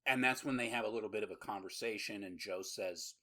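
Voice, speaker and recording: A man's voice: on the low side, fast, bright, forceful tone. A man co-hosting a podcast, recapping a horror movie in rambling, profane casual chat full of laughs. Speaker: podcast co-host.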